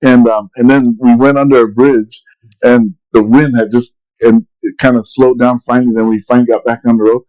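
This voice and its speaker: A middle-aged podcast co-host casually tells a long, rambling story, restarting often and quoting dialogue. His mid-range voice is flat and darkish, a little fast, and the recording is rough.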